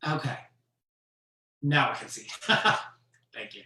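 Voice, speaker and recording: A comedian telling stories on a virtual show, in an animated way with frequent laughs. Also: mid-range voice, slow pace, distant mic. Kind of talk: stand-up storytelling on a virtual show. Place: room at home for a virtual show. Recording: echoey room, off-mic.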